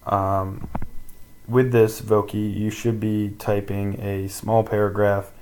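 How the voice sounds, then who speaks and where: A man teaching a casual screen-recorded tutorial, rambling with many pauses and ums. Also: fairly low pitch, flat delivery, darkish tone, slight background noise, low-quality recording.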